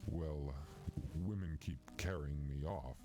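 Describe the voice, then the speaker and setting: A relaxed flirting dockworker, very deep voice, game music behind. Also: male voice, slow pace. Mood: easygoing.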